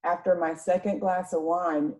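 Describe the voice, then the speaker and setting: A woman's voice: lowish voice, normal speed, rough recording. A woman from North Florida with a Southern accent, hosting a casual chat and telling stories with frequent laughter. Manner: laughing, lively storyteller. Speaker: podcast host.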